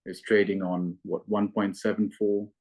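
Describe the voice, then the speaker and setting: Male fund manager, very low voice, analytical and measured, given to restarts. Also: little pitch movement, a little mellow, slightly rough. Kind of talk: investment interview.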